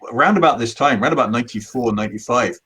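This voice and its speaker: Husky middle-aged man. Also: mid-range voice, very fast, sharp tone. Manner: rambling storyteller with many restarts. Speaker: magician guest. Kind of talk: casual anecdotal chat.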